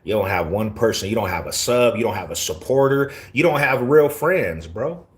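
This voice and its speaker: A man's voice: fairly low pitch, animated, normal speed. Brash slangy man on a livestream. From Colorado. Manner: brash, confrontational, heavy street slang. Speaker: livestreamer reading chat. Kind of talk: casual live-stream talk.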